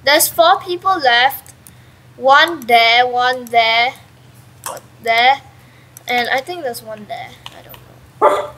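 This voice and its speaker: A young woman casually commentating her own game at home, chatty and excitable, with sudden yelps and mild swearing. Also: on the high side, slow, pauses often, poor audio. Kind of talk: casual let's-play commentary. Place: at home with a pet dog nearby.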